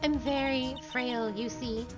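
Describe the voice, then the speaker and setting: A creepy young waitress who speaks slowly and softly in a calm, eerie tone, voiced by a woman. The pitch is high, and clear music plays behind her. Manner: slow, quiet, unsettling.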